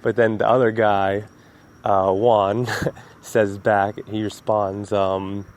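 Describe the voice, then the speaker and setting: Laid-back, low-voiced man rambling on a podcast. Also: flat delivery, takes it slowly, a little hiss or hum. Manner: laid-back, rambling, swears freely, laughs at own stories. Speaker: podcast host. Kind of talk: casual solo podcast storytelling. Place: at home.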